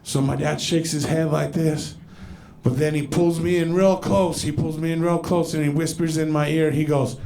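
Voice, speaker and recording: A man in his forties doing a profane stand-up comedy set on a club stage, telling loose stories and putting on loud, exaggerated voices. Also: a little high, unhurried, vocal fry, a little hiss or hum. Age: 40s.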